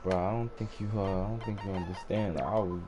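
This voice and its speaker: A man's voice: low-pitched, steady tone, fairly quick, music in the background. A young man hosting a gaming video, talking in casual slang with heavy swearing and heated ranting. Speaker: gaming channel host. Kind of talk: casual gameplay commentary.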